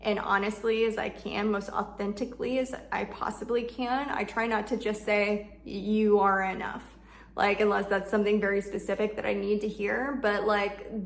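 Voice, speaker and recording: A woman talking through emotional self-care in a relaxed, chatty way, full of fillers and restarts. When she voices the kind words she says to herself, she slows and softens into a hush. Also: mid-range voice. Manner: conversational, filler-heavy, drops soft and slow when voicing comforting self-talk. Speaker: shadow work coach. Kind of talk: casual self-help talk.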